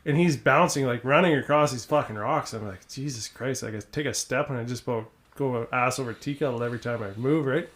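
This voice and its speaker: A man's voice: mid-range voice, fast, hardly any pauses, fairly bright tone. A man who is a podcast guest, talking in a blunt, laid-back way. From Canada. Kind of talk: casual chat.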